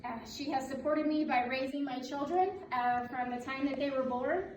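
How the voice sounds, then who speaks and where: A woman's voice: high voice, normal speed. A woman in her late thirties, a military officer giving a candid, joking speech at her promotion ceremony and laughing often. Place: indoor room at a ceremony. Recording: echoey room, distant mic, noisy background.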